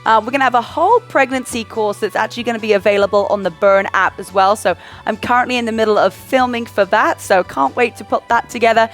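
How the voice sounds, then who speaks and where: Gentle pregnant woman cueing stretches over music. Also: fairly high pitch, fast, few pauses. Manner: gentle, encouraging cueing with breath counts. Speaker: fitness instructor. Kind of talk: guided prenatal workout instruction. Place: home workout space, indoors. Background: soft background music.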